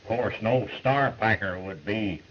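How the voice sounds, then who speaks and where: An actor playing a friendly, joking outlaw cowboy who talks in a folksy, joshing way, in 1930s film acting. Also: male voice, on the low side, measured pace, close to an everyday voice. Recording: muffled old film soundtrack with hiss.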